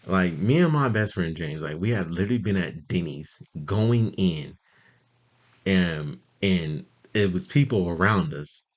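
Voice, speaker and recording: A man with a low voice tells casual, profanity-laced stories to the listener. He talks loosely, with lots of fillers, and keeps an animated energy. His pitch leaps far up when he acts out his friends. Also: unhurried, lo-fi sound. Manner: jumps much higher when quoting friends. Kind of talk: casual storytelling monologue.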